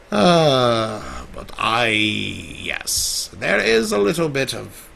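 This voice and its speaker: A man's voice: medium pitch, creaky, pushed and bright, slight background noise, heavily acted. A man voicing Discord, a vain, theatrical male chaos spirit who calls people darling, drawls, sighs and laments melodramatically, in an improvised in-character Q&A livestream. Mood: smug, theatrical.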